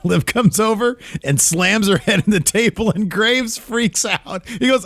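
A man's voice: high voice, animated, unhurried, few pauses, fairly bright tone, no room sound. A man co-hosting a casual wrestling podcast, rambling and joking with lots of fillers. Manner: rambling, jokey, many fillers. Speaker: podcast co-host. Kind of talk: casual wrestling recap chat.

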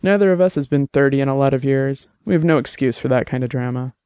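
A man's voice: mid-range voice, fast talker, dark tone, clear, resonant tone, dry recording, clean studio sound, close to an everyday voice. A man voicing a sly, forgiving middle-aged woman in an audiobook drama, with a teasing, earnest manner.

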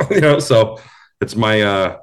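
A young man, a guest who is a new father and comedian, chatting casually and telling animated stories with plenty of swearing. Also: lowish voice, takes it slowly, smooth. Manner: animated storytelling, swears freely. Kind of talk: casual podcast chat.

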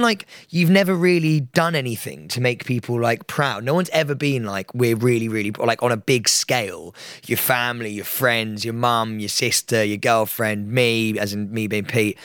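A young man co-hosting a podcast, telling a story in a rambling, animated way with lots of fillers. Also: medium pitch, no room sound, clean studio sound. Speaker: podcast co-host. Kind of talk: casual chat.

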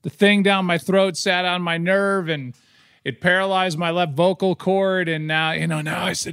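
A man co-hosting a podcast, telling a story quickly with bursts of laughter. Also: high voice, gravelly, pushed and bright, no echo, clean studio sound. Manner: quick, laughing anecdote-teller. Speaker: podcast co-host. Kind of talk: casual chat, storytelling.

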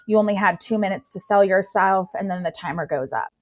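A woman's voice: mid-range voice, brisk. A young woman, a plus-size model, telling her story in a casual interview, gushing and full of filler words. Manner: gushing, filler-heavy, excitable.

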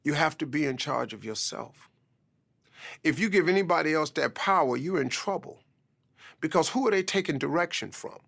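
A comedian recounts his life in lively, conversational storytelling. His voice is gravelly and forceful, with a sharp, bright edge that cuts through. He slips easily into casual, colloquial phrasing. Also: fairly high pitch, normal speed. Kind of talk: motivational personal storytelling.

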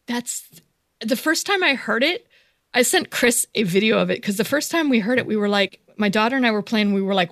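A woman's voice: on the high side, brisk, vocal fry, no echo, studio quality. A woman co-hosting a podcast, gushing and chatty in casual conversation. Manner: animated, gushing, lots of mm-hmms. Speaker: podcast co-host. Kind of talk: casual chat.

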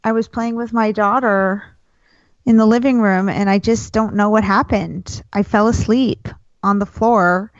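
A woman's voice: medium pitch, steady tone, normal speed, no room sound, highs cut off. A woman co-hosting a casual chat, telling a story in an easygoing, hesitant way. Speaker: podcast co-host. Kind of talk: casual chat among friends.

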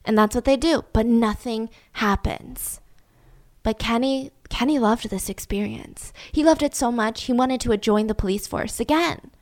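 A woman telling a story in a casual, animated way with wry asides. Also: on the high side, measured pace.

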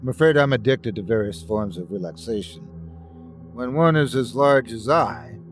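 A man's voice: medium pitch, expressive, moderate pace, faint music behind, close to an everyday voice. A man voicing a large, polite talking alien creature who speaks in a genteel, reasonable way. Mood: courteous calm.

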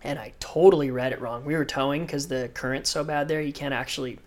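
A man telling a story in casual chat, animated, acting out quotes and laughing. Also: medium pitch, fast talker. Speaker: guest surfer.

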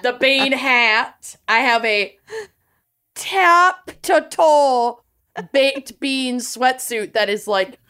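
A woman's voice: high-pitched, drawn-out words, sharp tone, clean tone. A woman co-hosting a podcast from her office, chatting casually in a playful, joking, enthusiastic way. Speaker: podcast co-host. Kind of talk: casual chat.

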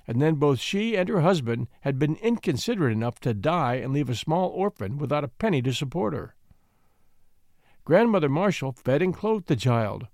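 A man reading a classic storybook aloud with an expressive, sympathetic delivery. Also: fairly high pitch, dry recording, studio quality.

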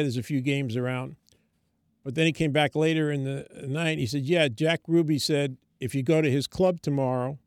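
A man's voice: mid-range voice, dry recording, studio quality. An older man, a comedian, telling a story in casual talk and acting out the quoted voices. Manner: animated anecdote telling, acts out quoted voices. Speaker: comedian guest.

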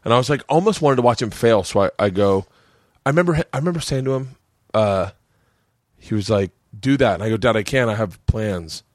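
Forties male podcast host, buzzed, rambling profane storyteller; lively pitch, dry close sound. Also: brisk, no echo. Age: 40s. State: tipsy from drinking. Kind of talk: casual storytelling chat.

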